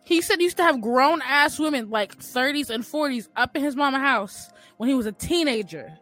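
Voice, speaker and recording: Blunt bright-voiced woman co-host. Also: high voice, brisk, soft background music. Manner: blunt, candid storytelling with slang and profanity. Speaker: podcast co-host. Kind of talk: casual chat.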